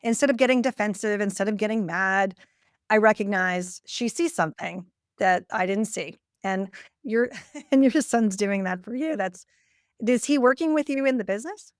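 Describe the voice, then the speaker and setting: A woman's voice: mid-range voice, normal speed, dry recording, studio quality. A woman hosting a podcast, chatting casually and laughing easily with her guest. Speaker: podcast host. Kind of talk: casual interview chat.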